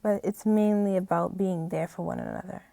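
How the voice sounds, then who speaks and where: In a dry recording, a young woman with a lowish, gravelly, warm voice speaks at a moderate pace with fairly even intonation. She's addressing the camera on her own channel, heartfelt and rambling, repeating "you know" and frequently close to tears.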